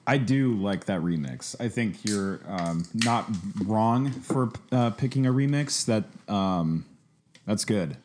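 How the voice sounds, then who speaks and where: A man co-hosting a podcast, speaking casually and agreeably, with frequent pauses and fillers. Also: fairly low pitch, lively intonation, darkish tone, slight background noise. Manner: hesitant, agreeable. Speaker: podcast co-host. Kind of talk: casual chat.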